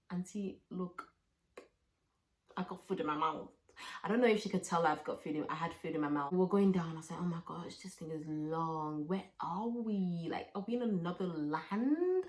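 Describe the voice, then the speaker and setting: Young adult woman; casual vlog storyteller who acts out quotes and drops into hushed asides. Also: medium pitch. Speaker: vlogger.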